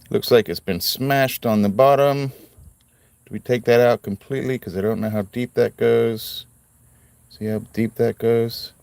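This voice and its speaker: A man's voice: mid-range voice, darkish tone, clear, resonant tone, dry recording. A man hosting a casual live stream, chatting in a rambling, friendly way and greeting viewers by name. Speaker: livestream host cutting stones.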